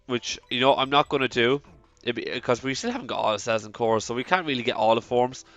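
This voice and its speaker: A man's voice: medium pitch, fast, a bit bright, muffled recording, soft background music. A man with an Irish accent hosting a let's play, chatty, rambling and self-deprecating as he comments on the game. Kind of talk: casual gameplay commentary.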